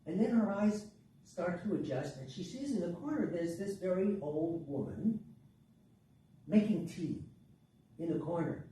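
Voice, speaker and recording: A man telling a story to a workshop class in a lively, dramatic way. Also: high-pitched, measured pace, long pauses. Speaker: workshop teacher. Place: workshop room. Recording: echoey room, distant mic, faint noise.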